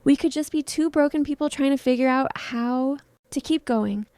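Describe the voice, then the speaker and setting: In a storybook retelling, a woman voices a heartbroken film star in her thirties, soft and pleading in a tender, lightly acted way. Her voice is a little high, mellow and warm, at normal speed. The recording is close and dry with no room sound.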